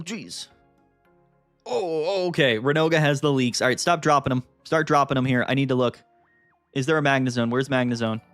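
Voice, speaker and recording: Dude streaming live, hypes up fast, lots of ums, dry sound w/ some music under it. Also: male voice, mid-range voice, no room sound. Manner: excitable, thinks aloud, frequent fillers, jumps between topics. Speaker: streamer hosting a live card-game stream. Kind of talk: casual live-stream commentary.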